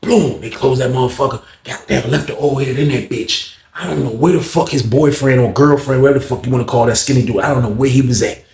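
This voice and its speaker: A man telling a story in casual slang, animated and acting out other people's voices. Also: mid-range voice, quick pace, few pauses, reverberant.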